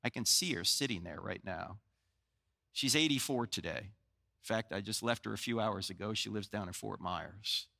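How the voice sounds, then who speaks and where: A man's voice: fairly low pitch, normal speed, vocal fry, sharp tone. A man in his sixties from New Jersey, giving a joking, storytelling apologetics talk to a live audience and putting questions to them. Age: 60s. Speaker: Christian apologetics speaker.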